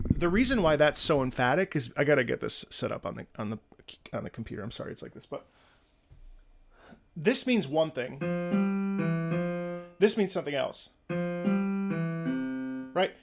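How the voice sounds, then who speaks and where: High-voiced man humming and explaining. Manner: hums melodies with "da da" syllables while explaining; enthusiastic, restarts sentences. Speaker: channel host. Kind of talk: casual music analysis.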